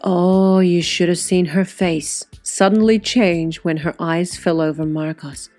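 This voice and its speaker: Low-voiced woman narrating an audiobook. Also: steady tone, measured pace, darkish tone, faint music behind. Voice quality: catty, sarcastic inner voice.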